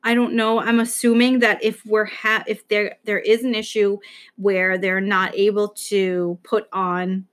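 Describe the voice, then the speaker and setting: A woman's voice: mid-range voice, level tone, unhurried. A young woman from the New York area, co-hosting a podcast in casual chat, rambling anxiously and swearing now and then. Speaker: podcast co-host.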